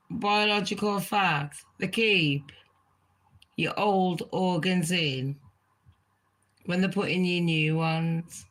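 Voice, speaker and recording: A woman's voice: fairly low pitch, takes it slowly, pauses often, a bit bright, rough recording. A woman chatting casually as a celebrity gossip vlogger, rambling and swearing freely. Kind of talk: casual chat.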